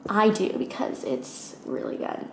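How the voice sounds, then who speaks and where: A young woman chatting casually through her makeup routine as a beauty vlogger, rambling with lots of fillers. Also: unhurried. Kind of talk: casual get-ready-with-me chat. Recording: echoey room with faint ambient noise.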